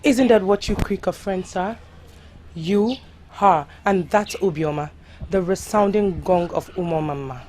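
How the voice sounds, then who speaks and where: An actress with a Nigerian accent playing a haughty, scornful young village woman in a Nollywood drama, taunting slowly. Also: on the low side, warm tone, a little hiss or hum, close to an everyday voice. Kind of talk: Nollywood film acting.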